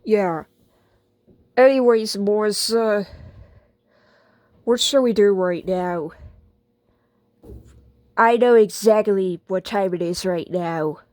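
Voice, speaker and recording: A woman playing the calm, patient owner in a homemade skit, speaking in a low-key way. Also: slow pace, pauses often, dry recording, studio quality. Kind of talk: homemade skit role-play.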